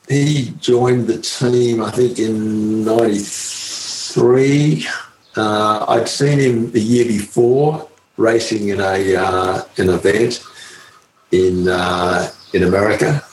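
Low-voiced aussie bloke rambling thru an old story, lots of ums, salty slang, echoey room. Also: male voice, slight background noise. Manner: halting, many fillers, salty slang. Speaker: retired pro cyclist, guest. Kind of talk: casual storytelling interview. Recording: roomy echo, faint ambience.

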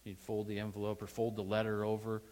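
A man preaching a Sunday sermon in a conversational way, asking the congregation questions and rising to loud bursts of emphasis. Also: on the low side, completely flat delivery, fast, low-quality recording. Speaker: pastor.

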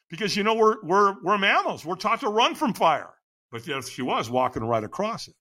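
A man who works as a firewalk instructor, telling excited stories in an interview and acting out quotes with lots of laughter. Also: sits high, moderate pace. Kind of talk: animated storytelling.

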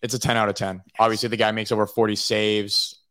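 A man, the show's producer, chiming in on a hockey talk show with quick, emphatic takes. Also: on the low side, little pitch movement, a bit bright. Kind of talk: casual sports talk show.

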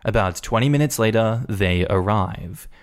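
A man reading a first-person Reddit story aloud in an animated, indignant storytelling manner. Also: lowish voice, moderate pace, smooth. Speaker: story narrator.

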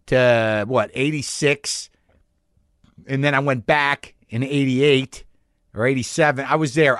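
A man's voice: medium pitch, fairly bright tone, no room sound, studio quality. A man in his forties hosting a podcast from his garage, telling a rambling, profane story and questioning himself as he goes. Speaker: podcast host. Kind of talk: casual monologue. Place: home garage studio.

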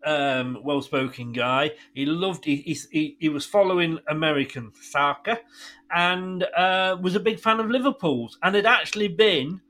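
On his radio show, a middle-aged man trades casual talk with a caller, a chatty storyteller who frequently laughs through his tales. He speaks at normal speed in a voice on the high side, pushed and bright.

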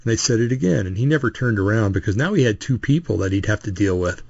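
A man's voice: on the low side, expressive, quick pace, gravelly, no echo. A man hosting a show, talking in a casual, opinionated, rambling monologue with frequent asides and restarts. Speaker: podcast host. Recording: dull, dry lo-fi recording.

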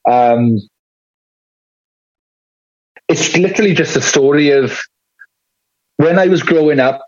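This guest musician from Wales has a Welsh Valleys accent and a fairly high, darkish-toned voice, speaking slowly on a muffled recording. He rambles candidly through stories in casual podcast chat, swearing freely.

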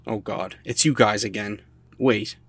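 A man's voice: on the low side, fairly even intonation, measured pace, slightly rough. A man doing a fed-up police chief. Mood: annoyed. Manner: loud, annoyed. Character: exasperated middle-aged male police chief.

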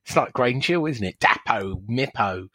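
A man's voice: medium pitch, lively intonation, normal speed, bright, forceful tone, no room sound. A man co-hosting a casual football podcast, talking in a dry, wry, teasing way. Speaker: podcast co-host.

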